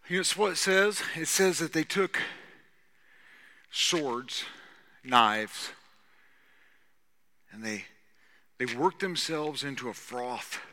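A man preaching a sermon with animated storytelling, dropping to hushed asides and rising to shouts, with sarcastic humor. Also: mid-range voice, big-room sound. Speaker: pastor.

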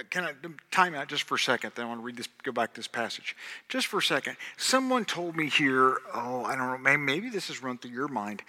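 A man preaching a sermon as pastor, swinging between hushed passages and loud, emphatic outbursts. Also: medium pitch, expressive, a little fast. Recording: long hall reverb.

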